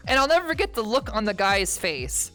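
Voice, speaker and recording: A woman streamer telling a long, rambling story to her chat, with frequent "okay?" asides and sudden loud outbursts. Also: fairly high pitch, big pitch swings, a little fast, soft background music. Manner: bursts into loud shouting at punchlines.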